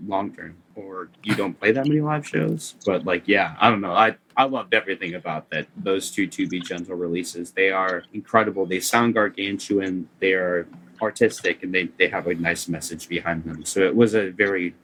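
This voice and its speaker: Male podcast host, very deep voice, rambling enthusiastic music chat, vocal nodules. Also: moderate pace, a bit bright, a little hiss or hum, poor audio. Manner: enthusiastic, rambling, lots of fillers.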